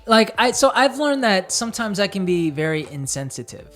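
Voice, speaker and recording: A man co-hosting a relaxed conversation with his partner. He thinks aloud, halting and restarting with plenty of fillers. Soft music plays faintly underneath. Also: high voice. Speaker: co-host. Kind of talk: casual couple chat.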